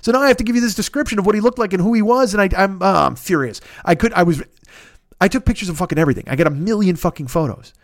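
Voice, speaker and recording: Profane, animated man telling a story. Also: high-pitched, quick pace, no echo, clean studio sound. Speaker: podcast host. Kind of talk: casual storytelling.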